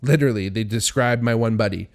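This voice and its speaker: Young man, podcast host, lowish voice, profane, rambling, worked up, casual storytelling. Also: quick pace.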